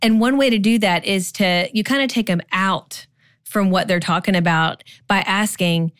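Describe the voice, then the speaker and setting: A woman's voice: mid-range voice, moderate pace, a bit bright, smooth, no room sound, clean studio sound. A woman in her forties co-hosting a podcast, giving casual marriage advice in a chatty way, full of "like" and "you know". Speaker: podcast co-host.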